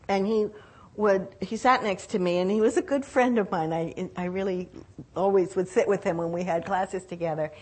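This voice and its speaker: An older woman shares a story from her own life at an unhurried, reflective pace. She stumbles and restarts now and then. Her voice sits in a middle pitch and comes alive when she quotes others. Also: darkish tone, breathy edge. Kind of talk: personal storytelling talk.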